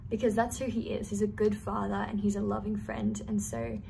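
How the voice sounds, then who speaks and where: A woman's voice: mid-range voice, level tone, fairly quick, vocal fry, mellow, slight background noise. A young woman telling a personal faith testimony in an earnest, storytelling way, with casual fillers. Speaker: youth testimony speaker.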